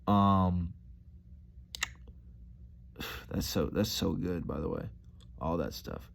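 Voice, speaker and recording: A man's voice: sits low, takes it slowly, creaky. A man talking casually in a rambling, laid-back vlog monologue, calling the listener dude and man. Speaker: vlogger.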